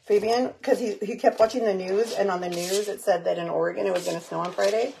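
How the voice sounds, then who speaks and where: A woman's voice: mid-range voice, fairly even intonation, fast talker, vocal fry, mellow. A mother chatting casually in a cooking vlog, talking to her viewers and her child while she cooks at home. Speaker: home cook vlogger, mother. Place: home kitchen. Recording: background kitchen noise.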